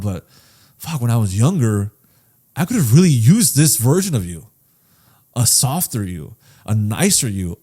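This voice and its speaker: Mellow-voiced man, candid and profane. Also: mid-range voice. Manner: earnest, heavy swearing, trailing restarts; candid and reflective. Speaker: podcast host. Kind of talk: casual podcast chat.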